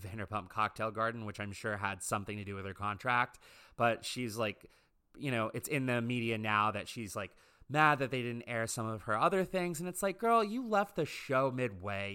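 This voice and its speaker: A man's voice: lowish voice, bright, forceful tone, clear, resonant tone. A man giving a casual, gossipy, opinionated commentary on a reality TV show.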